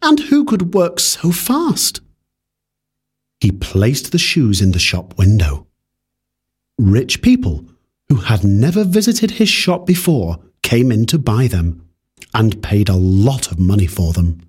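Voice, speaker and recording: A man reading a fairy tale aloud in a measured, expressive way. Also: on the low side, husky. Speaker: storyteller.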